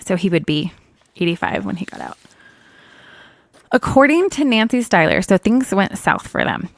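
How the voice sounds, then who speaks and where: A woman's voice: medium pitch, big pitch swings, moderate pace, vocal fry, no room sound. A woman co-hosting a podcast, casually retelling a case in a chatty way that is full of small corrections. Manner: chatty, laughs often, self-correcting. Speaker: true crime podcast co-host.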